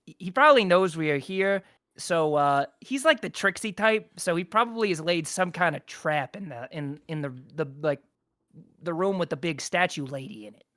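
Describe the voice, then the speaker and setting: A young man running a tabletop game, meandering through his narration with plenty of fillers. His voice is bright and sits close and dry on the mic. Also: on the high side, lively intonation, moderate pace, no room sound. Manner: rambling, full of fillers and restarts. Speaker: game master.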